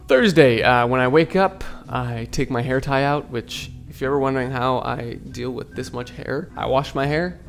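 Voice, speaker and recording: A man's voice: mid-range voice, vocal fry. A young man from Seattle, an acting student, narrating his week in a chatty, upbeat vlog. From Seattle, USA.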